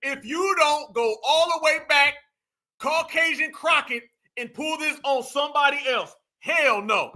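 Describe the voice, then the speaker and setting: A man with a very high, piercing voice delivers reaction commentary on a played clip. He sounds incredulous and mocking, and he breaks in with exclamations. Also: measured pace, sharp tone. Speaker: political commentary host.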